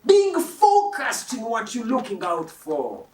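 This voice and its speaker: A male preacher delivers a sermon in an animated, emphatic style, often putting questions to his congregation. His pitch rises and falls widely as he speaks. He is picked up from some way off, and the hall around him echoes. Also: slow pace. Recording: echoey hall, mic from a distance.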